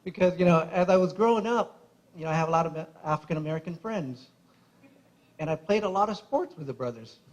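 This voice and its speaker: A man's voice: fairly high pitch, lively intonation, a little fast, low-quality recording. A man giving a casual best-man speech at a wedding reception, chatty, emotional and laughing often through his stories. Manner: admits he gets emotional.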